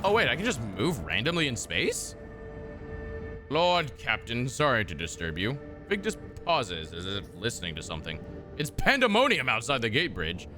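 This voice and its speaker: A man's voice: mid-range voice, wildly swooping pitch, moderate pace, over music. A man streaming a game, reading its text aloud and joking with chat in a casual, profane, mock-exasperated way from his desk.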